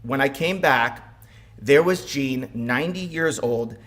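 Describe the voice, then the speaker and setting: A man's voice: mid-range voice, unhurried, fairly bright tone. A man giving a eulogy at a funeral home as the son-in-law, speaking with wry humor and some stumbles.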